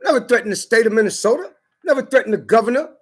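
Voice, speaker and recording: A man's voice: very high voice, animated, racing. Man, vlogger, angry defiant rant; emphatic and repetitive delivery.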